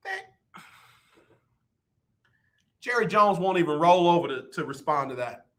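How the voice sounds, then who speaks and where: A man's voice: fairly high pitch, sing-song, measured pace, long pauses, a bit bright. A man hosting live sports talk radio, joking and repeating his points for effect into a studio microphone.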